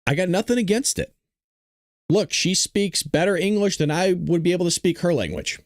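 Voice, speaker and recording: Guy hosting a live stream, rambling and exasperated, voice jumps all over, kinda high, very dry close sound. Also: animated, normal speed, no room sound. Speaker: show host. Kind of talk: casual live-stream commentary.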